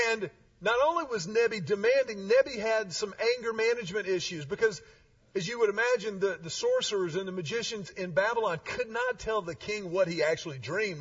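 Male pastor, animated sermon storyteller, high and lively. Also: slightly rough. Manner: animated, conversational, with restarts and asides. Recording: slightly distant, dull sound.

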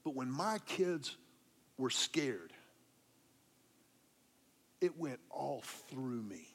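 Pastor telling a story. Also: male voice, on the high side. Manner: storytelling, dropping to a hush for quoted comfort. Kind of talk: sermon.

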